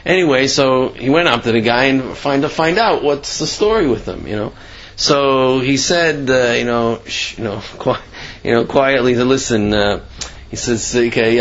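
A man telling a Torah story in a casual lecture. He acts out the quotes sudden leaps in pitch and rushed asides. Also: a little hiss or hum. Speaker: Torah class speaker. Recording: slightly dull lo-fi recording.

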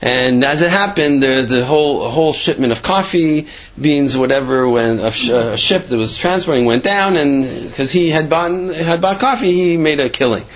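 A man's voice: fairly high pitch, moderate pace. A man casually telling religious stories, rambling with many fillers and restarts. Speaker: Torah storyteller. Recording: dull lo-fi recording.

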